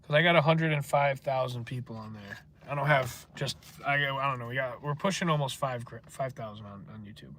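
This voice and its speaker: A man's voice: mid-range voice, brisk, hardly any pauses, a bit bright, slight background noise. A man hosting a casual livestream, rambling and swearing as he answers chat comments. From northeastern United States. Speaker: livestream host.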